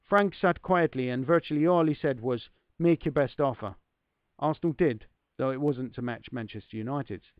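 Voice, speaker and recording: A man's voice: medium pitch, fairly quick, smooth, dry recording, highs cut off. A man hosting a podcast, reading a book passage aloud and breaking off for self-deprecating asides to his listeners. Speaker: podcast host.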